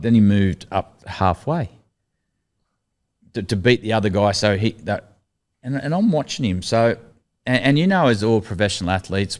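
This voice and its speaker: A middle-aged Australian man telling lively anecdotes as a podcast guest, laughing through his stories and acting out the lines of people he quotes. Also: fairly low pitch. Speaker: guest, former cricketer. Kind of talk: casual storytelling chat.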